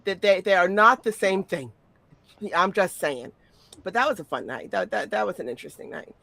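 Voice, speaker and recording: A woman in her forties hosts a podcast and tells stories in a loose, chatty way. Her voice is bright and sharp, and it is recorded dry and close. She swears freely and trips over repeated words as she goes. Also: medium pitch, moderate pace, creaky, no echo. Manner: animated, profane, stumbling repetitions. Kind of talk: casual storytelling chat.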